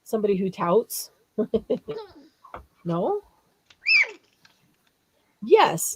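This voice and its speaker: Woman, craft livestream host: relaxed, unhurried delivery, giggly, chatty with viewers. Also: mid-range voice, a little hiss or hum, poor audio. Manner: giggly, laughs often while talking. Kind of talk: casual livestream chat, reading viewer comments aloud.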